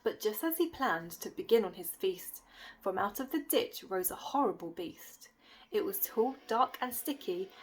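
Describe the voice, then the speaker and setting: A woman's voice: mid-range voice, poor audio. A woman reading a rhyming children's picture book aloud with a lilting rhythm. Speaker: storybook reader.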